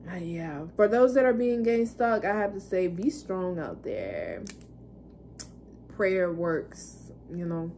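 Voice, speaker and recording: A woman's voice: lowish voice, animated, slow pace, dark tone, slight background noise. A woman vlogger casually recounting personal experiences in a candid, rambling way, cursing now and then. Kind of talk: casual storytelling monologue.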